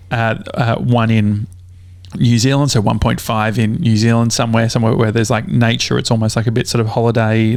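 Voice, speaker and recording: A man's voice: medium pitch, clear, resonant tone, no room sound. Rambling Australian man, casual podcast talk. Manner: rambling storyteller, swears a lot, many fillers. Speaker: podcast host. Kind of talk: casual chat.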